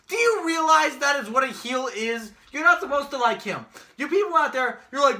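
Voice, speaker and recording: A young man with an unusually high, piercing voice rants about wrestling on a casual podcast. His pitch swings widely as he curses and bursts into shouts, with a sharp, bright edge. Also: lively intonation, moderate pace. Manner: ranting, profane, shouts when angry. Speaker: podcast co-host. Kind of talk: casual wrestling predictions chat.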